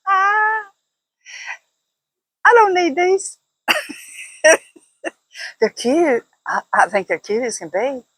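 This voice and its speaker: A woman's voice: high voice, very animated, very slow, long pauses, fairly bright tone, no room sound, rough recording. An older woman chatting casually to camera as a vlogger, laughing often in a folksy way. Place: at home, walking indoors and out.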